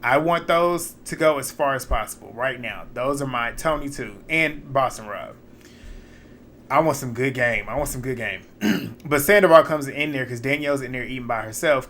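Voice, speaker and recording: A man giving a casual, animated recap of a reality show, retelling scenes in slangy talk and laughing often. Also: medium pitch, slight background noise.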